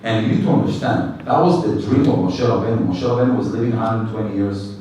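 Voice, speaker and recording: Rabbi, animated storyteller, mid-pitched voice, heard from far off in a reverberant room with faint background hiss. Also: male voice, fast. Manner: animated storyteller, acts out dialogue, non-native English phrasing. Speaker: rabbi giving a weekly class. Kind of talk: storytelling Torah class. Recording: echoey room recorded from a distance.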